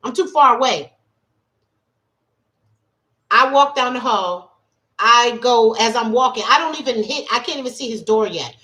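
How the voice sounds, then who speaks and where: A woman's voice: fairly high pitch, moderate pace, pushed and bright. A woman life coach reading tarot on a casual livestream, talking emphatically and colloquially, with plenty of repetition. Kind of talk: casual livestream talk and storytelling.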